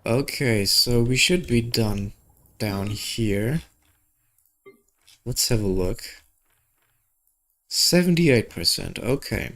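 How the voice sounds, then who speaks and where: A man's voice: mid-range voice, lively intonation, slow, long pauses, fairly bright tone. A young man chatting casually and joking while playing a game, reading its dialogue aloud. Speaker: gaming video creator.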